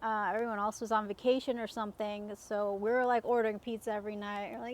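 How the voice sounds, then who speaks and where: A woman's voice: mid-range voice, flat delivery, fast talker. A woman in her thirties telling personal stories in a casual, chatty way, laughing often and using many fillers. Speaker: self-help coach.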